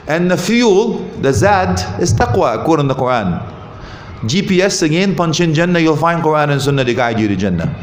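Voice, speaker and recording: Man, mosque talk, animated, questions to audience, roomy hall, faint ambience. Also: fairly high pitch, slight background noise. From Canada. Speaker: visiting Islamic speaker. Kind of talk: lively mosque talk on marriage.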